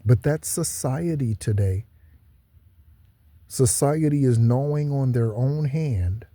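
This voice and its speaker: A man's voice: mid-range voice, mellow, dry recording. A man talking alone to his viewers in a preachy spiritual monologue, repeating and stressing his points. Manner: preachy, repeats himself, slow stressed asides. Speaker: spiritual channel host. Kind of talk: solo spiritual talk to viewers.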